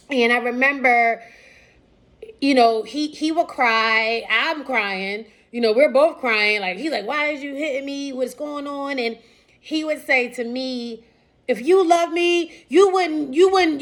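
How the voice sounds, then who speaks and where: Woman, 30s, fairly high pitch; candid storytelling with restarts and fillers. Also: a bit bright. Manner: casual, candid, many fillers and restarts, quoting others. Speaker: vlogger sharing personal story.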